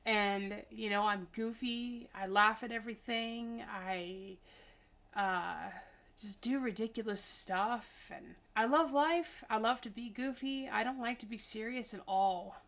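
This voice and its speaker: A woman's voice: a little high, unhurried, a bit bright. A woman in her forties, a tired and chatty vlogger talking casually in a rambling, goofy way. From Idaho, US. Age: 40s. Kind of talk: casual chat.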